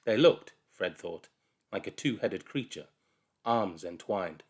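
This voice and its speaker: A man reading a children's novel aloud with expressive storytelling. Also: deep voice, takes it slowly, slightly rough. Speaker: reader.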